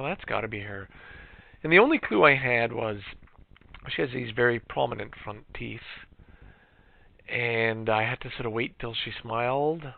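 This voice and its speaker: A middle-aged man hosts a podcast in a casual, reflective, rambling way, chatty and trailing off with frequent fillers. His voice is mid-range and gravelly, and the recording has a lo-fi, phone-like sound.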